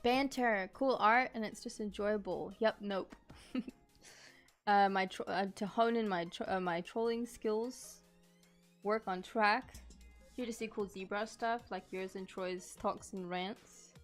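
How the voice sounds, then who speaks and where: A woman streamer talking casually on a live stream, reading out viewer messages as they come in. She laughs often and apologizes easily, her voice sitting at an ordinary middle pitch. Soft music plays faintly in the background. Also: steady tone, measured pace. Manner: chatty, reads chat aloud, laughs often, apologetic. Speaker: streamer, figure sculptor.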